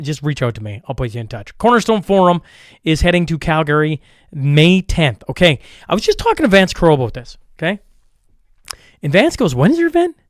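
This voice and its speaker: A man's voice: medium pitch, no room sound, clean studio sound. A man hosting a podcast, reading sponsor spots and event plugs in a rambling, upbeat, casual way. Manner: upbeat, rambling, restarts and self-corrections. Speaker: podcast host. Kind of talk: casual ad reads and show intro.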